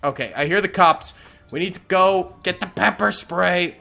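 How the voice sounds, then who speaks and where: Animated, bright-voiced male gamer. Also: on the high side, normal speed, vocal fry, soft background music. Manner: goofy, swings from mutters to yelling. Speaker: gaming YouTuber. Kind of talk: casual gameplay commentary.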